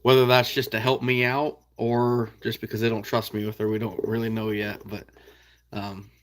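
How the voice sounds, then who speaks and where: A man's voice: fairly low pitch, flat delivery, normal speed. A young man from the American Midwest hosting a trapping live stream, chatting casually and answering viewers by name with frequent laughs. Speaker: trapping channel host reading live chat.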